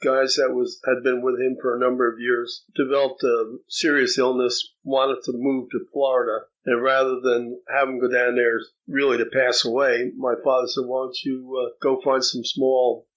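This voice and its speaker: An older man from New Jersey recounts his past as an interview guest. He speaks in an average male pitch, thinks aloud and restarts sentences, repeating words as he goes. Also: level tone, normal speed, hardly any pauses, lo-fi sound. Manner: reflective, repeats words when starting sentences. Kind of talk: storytelling interview.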